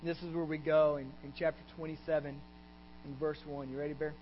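High-voiced Texan pastor preaching. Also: male voice, a little fast. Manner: animated storytelling, voicing characters in the scripture. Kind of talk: sermon. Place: church. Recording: dull recording with mains hum.

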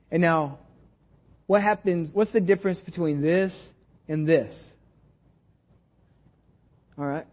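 Speaking in a fairly high pitch with the highs cut off, a Texan pastor delivers a casual, joking sermon in a church sanctuary. He checks in with the congregation constantly, tossing out "right?"

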